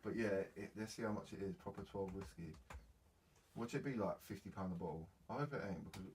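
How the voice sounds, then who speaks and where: Young guy rambling on a podcast, lowish voice, sounds far from the mic. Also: a little fast, a little mellow. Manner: slangy, rambling, laughs often. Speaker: podcast co-host. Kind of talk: casual chat. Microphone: faulty mic. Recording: distant mic with faint noise.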